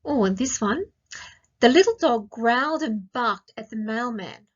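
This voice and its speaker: An Australian woman teaching a grammar lesson to young children, speaking slowly and clearly and asking lots of questions. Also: a little high, lively intonation. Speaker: primary school teacher. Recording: dull lo-fi sound.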